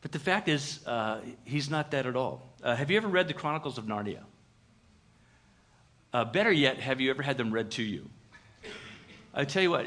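A male pastor with a mid-range voice delivers a conversational sermon in church. He's animated and uses a lot of "uh" fillers.

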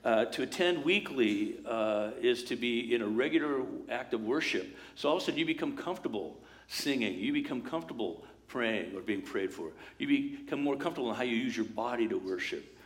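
A man preaching a sermon as pastor, in a lively conversational way, acting out quoted voices and asides. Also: mid-range voice, a little fast.

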